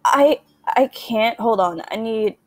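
A woman's voice: on the high side, takes it slowly, no echo. A young woman reacting to a horror game, scared and shaking, stammering, swearing and gasping. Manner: jittery, stammering, swears, gasps and yelps in fright. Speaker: gaming video creator.

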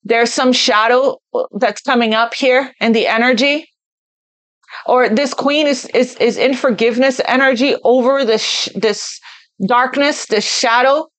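A woman with a somewhat high voice talks her way through a tarot spread off the cuff. She speaks earnestly, as if passing on messages she senses, and repeats words to press her point. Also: fairly bright tone. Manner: repeats phrases for emphasis. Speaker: tarot reader. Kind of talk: spontaneous tarot card reading.

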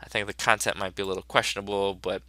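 A man's voice: sits low, little pitch movement, fast talker, pushed and bright, dry recording. A man teacher giving a casual, upbeat review of his students' work, chatty and full of fillers.

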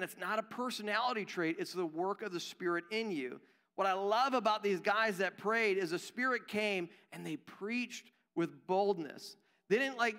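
A young man preaching in a church sanctuary, his tone high and bright. He talks casually and pokes fun at himself, and his voice rings with long hall reverb. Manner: conversational, self-deprecating, acts out quoted voices. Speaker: pastor. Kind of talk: sermon.

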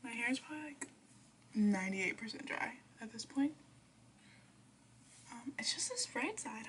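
A woman's voice: a little high, very animated, moderate pace, long pauses, a bit bright, a little hiss or hum. A young woman vlogging casually as she does her hair at home at night, rambling and sometimes dropping to a whisper. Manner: chatty, rambling, drops into whispers. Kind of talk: casual chat. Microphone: phone or built-in mic. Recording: music in the background.

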